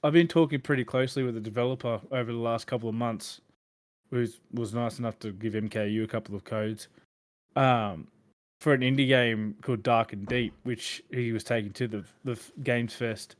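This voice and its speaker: A man hosts a podcast, chatting loosely about video games in a rambling way packed with fillers. His medium-pitched voice moves at normal speed with fairly even intonation.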